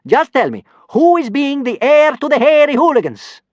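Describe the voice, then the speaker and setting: A man's voice: very high voice, big pitch swings, moderate pace, dry recording, dull audio, pitched above the performer's own voice. A man voicing a big brutish kidnapper who threatens in badly broken grammar, in a storybook reading. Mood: threatening. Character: crude foreign kidnapper with broken speech.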